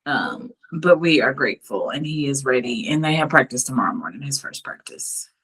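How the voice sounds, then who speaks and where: Low, bright-toned woman co-host; easygoing mom storyteller. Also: expressive, moderate pace, breathy edge. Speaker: podcast co-host, mother. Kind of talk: casual chat.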